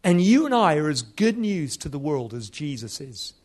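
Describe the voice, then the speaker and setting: A man's voice: on the high side, big pitch swings, normal speed, darkish tone. A man in his fifties, a preacher telling stories in a sermon with humor and animation. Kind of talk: storytelling sermon.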